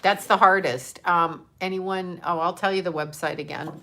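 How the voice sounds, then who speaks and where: A woman's voice: fairly low pitch, fairly even intonation, moderate pace, bright, forceful tone. An older woman, a grandmother, chatting casually and emotionally on a livestream, rambling and swearing now and then. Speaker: livestream host.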